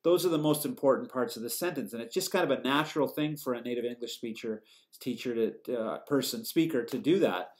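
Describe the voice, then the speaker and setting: A man teaching a lecture, explaining step by step in a steady way, with fillers and self-corrections. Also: mid-range voice, fairly quick. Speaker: English teacher giving a lecture. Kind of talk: recorded lecture.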